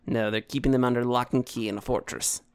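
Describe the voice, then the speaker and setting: A man's voice: medium pitch, steady tone, quick pace, a little mellow, clean tone, lightly acted. A man voicing a cornered female captain and information broker, dry and grudging.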